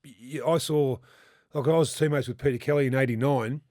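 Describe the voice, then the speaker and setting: An Australian man in his fifties, a former rugby league player, telling rambling, animated stories in casual chat and swearing freely. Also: medium pitch, brisk, dry recording, studio quality. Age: 50s.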